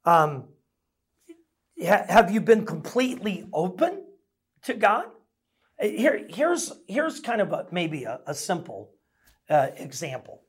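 Animated middle-aged male pastor preaching. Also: high voice, slow, long pauses, slightly rough. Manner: conversational storytelling, self-deprecating humor. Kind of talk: sermon.

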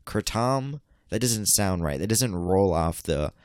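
Deep-voiced young man, crude rambling chat. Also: a little slow, a little mellow, dry recording, studio quality. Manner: rambling, crude, teasing questions. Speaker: podcast co-host. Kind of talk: casual chat.

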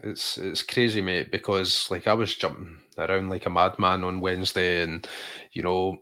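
A man's voice: low voice, flat delivery, normal speed, bright, forceful tone. A Scottish man co-hosting a podcast, chatting enthusiastically about football and calling his co-host "mate". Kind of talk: casual football chat.

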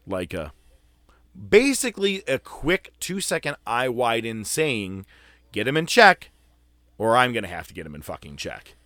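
A man hosting a podcast, swearing freely while he tells a story. His voice is bright and lively, swinging up and down. The recording is close and dry. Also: mid-range voice, normal speed, no room sound. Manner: profane, animated, acts out quotes. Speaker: podcast host. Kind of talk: casual storytelling chat.

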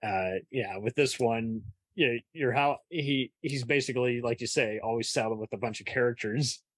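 A man's voice: mid-range voice, normal speed, no echo. A man hosting a podcast, talking about films in a rambling, casual way with many asides. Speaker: podcast host. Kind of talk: casual film discussion.

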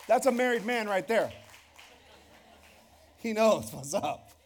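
High-voiced pastor joking from the pulpit. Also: male voice, lively intonation, takes it slowly, slight background noise. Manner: conversational and joking, with repeated restarts. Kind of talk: sermon. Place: church hall before a congregation.

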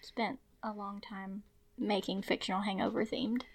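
A woman co-hosting a book podcast in casual, quick, giggly chat, recorded at home close to the mic. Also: medium pitch, level tone. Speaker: podcast co-host. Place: small room at home. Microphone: speaking close into the microphone.

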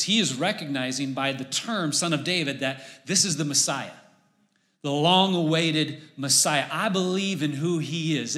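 A man preaching a casual sermon, conversational and animated, acting out voices as he retells a story. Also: on the high side. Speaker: pastor.

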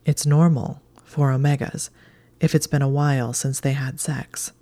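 A calm young wizard talks in a soothing, low murmur, in whispered role-play that a woman acts out. The tone is dark and mellow, with a storybook feel. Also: moderate pace.

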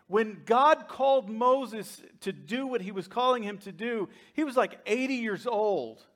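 A pastor preaches a sermon in a high, slightly bright voice. He's humorous and conversational, joking and laughing along with his congregation.

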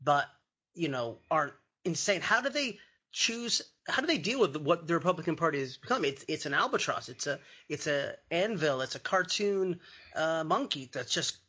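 Man in his forties, comedic podcast host, bright edgy tone, rambling joke-heavy delivery. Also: fairly high pitch, normal speed, slightly rough. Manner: joking, rambling, animated. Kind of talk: casual comedic political chat.

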